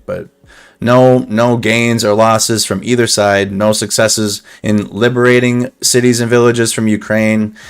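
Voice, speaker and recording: Low-voiced man narrating a war map. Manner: casual, thinking aloud with restarts. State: slightly dry throat. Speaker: war news commentator. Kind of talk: live map breakdown commentary.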